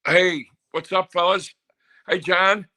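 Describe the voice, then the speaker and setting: A man's voice: sits high, fairly even intonation, slow, sharp tone. A man calling in to a sports show, chatting in a friendly way and thinking aloud with fillers. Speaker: caller. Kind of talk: casual call-in chat.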